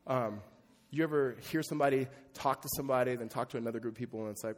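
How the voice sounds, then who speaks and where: A man's voice: medium pitch, racing. A middle-aged man preaching a sermon as pastor, conversational and joking with his congregation. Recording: long reverb of a large hall.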